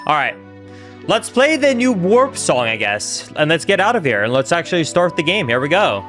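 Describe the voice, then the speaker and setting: A young man streaming a live playthrough, chatting excitedly and reacting aloud to the game and his chat. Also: a little high, moderate pace, soft background music. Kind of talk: live gameplay commentary.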